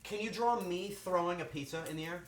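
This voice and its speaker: This livestreaming cook has a high voice and a brisk delivery. He banters playfully with his chat while making food in his home kitchen, where the roomy space picks up faint noise.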